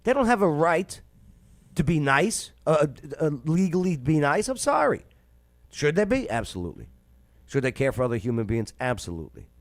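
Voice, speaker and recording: Animated sarcastic male host. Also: a little high, moderate pace, no echo. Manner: animated, sarcastic, repeats phrases for emphasis. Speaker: show host. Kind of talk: casual commentary on a news clip.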